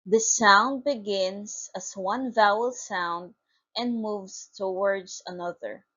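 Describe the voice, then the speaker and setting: A woman's voice: medium pitch, sharp tone, highs cut off. A woman teacher reading a phonics lesson aloud, spelling out letters and repeating each word with care. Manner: slow, deliberate, spells out letters.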